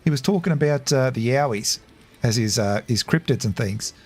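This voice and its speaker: A man's voice: mid-range voice, moderate pace, breathy edge. A middle-aged Australian man chatting casually over a game, rambling with lots of fillers and restarts and laughing easily. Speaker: gaming streamer. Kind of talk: casual gameplay commentary.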